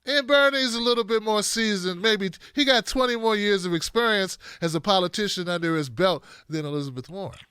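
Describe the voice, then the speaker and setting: A man's voice: sits high, fairly quick, hardly any pauses, pushed and bright, clean tone, no room sound, clean studio sound. A man hosting a comedic political commentary, riffing animatedly with exaggerated jokes.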